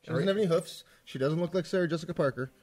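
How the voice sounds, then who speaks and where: Husky guy talking fast, arguing his point over drinks. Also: on the high side, a little mellow. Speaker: podcast co-host. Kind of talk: drunken casual chat.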